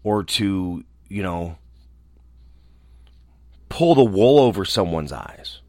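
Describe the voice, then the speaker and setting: A man who hosts a show, talking alone in a small room in a reflective, earnest way, often restarting and trailing off softly. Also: low voice, animated, no echo. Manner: earnest, halting, with restarts and soft trailing endings. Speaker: radio host. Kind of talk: reflective casual monologue.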